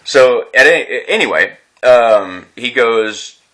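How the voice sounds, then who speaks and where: A man's voice: medium pitch, lively intonation, slow, a bit bright. A veteran man telling his own story in an unscripted vlog, rambling and agitated, swearing often and restarting his sentences. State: distressed.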